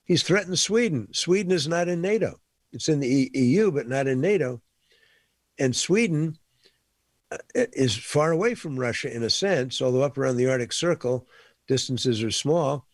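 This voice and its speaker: A man's voice: medium pitch, expressive, normal speed, dry recording, clean studio sound. A man giving impassioned political commentary, emphatic and repeating his points for force.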